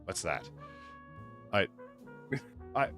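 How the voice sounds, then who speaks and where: A tired man hosting a casual stream chat, rambling with many restarts and swinging between loud and quiet. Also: drawn-out words, music in the background. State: tired from little sleep. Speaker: podcast host.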